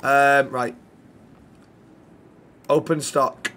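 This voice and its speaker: A man's voice: medium pitch, flat delivery, very slow, fairly bright tone. A man streaming a roleplay game, chatting casually with lots of swearing and teasing banter.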